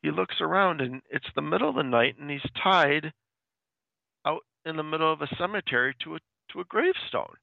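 A man's voice: fairly high pitch, lively intonation, fairly quick, vocal fry, no echo. A man casually retelling a spooky story, chatty and full of fillers. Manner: chatty, with fillers and quoted voices. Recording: dry, tinny phone-like sound.

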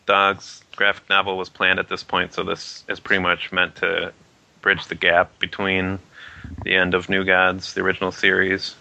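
Deep flat-voiced guy rambling about comics, gravelly, lots of ums. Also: low-quality recording. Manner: rambling, halting with fillers. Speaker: comic book podcast co-host. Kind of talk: casual discussion.

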